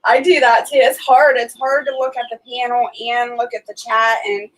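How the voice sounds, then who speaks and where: An American woman with a high voice joins a casual livestream chat. She sounds friendly and quick to laugh, and she scatters "like" and "you know" through what she says. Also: flat delivery, poor audio. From United States. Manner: friendly, laughs easily, filler-heavy. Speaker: livestream co-host.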